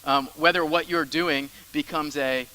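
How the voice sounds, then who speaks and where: Bright, emphatic young pastor. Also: male voice, fairly high pitch, steady tone, a little slow, rough recording. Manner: emphatic, with soft drops into grumbling asides. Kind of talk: sermon.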